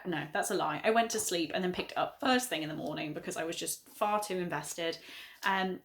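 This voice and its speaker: A young woman, chatting through her monthly reading wrap-up in a gushing, self-correcting way. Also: mid-range voice. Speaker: book vlogger.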